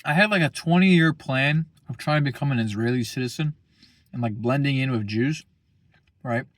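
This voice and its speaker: A young man vlogs casually in a mid-range voice at a moderate pace. His rambling talk is profane and slang-heavy, and he keeps saying "bro." The recording is dry.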